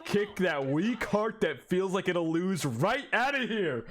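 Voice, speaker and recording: A man's voice: sits high, big pitch swings, slow pace, fairly bright tone, soft background music, heavily acted. An actor playing a young male anime hero giving an earnest, impassioned speech to rally a frightened crowd.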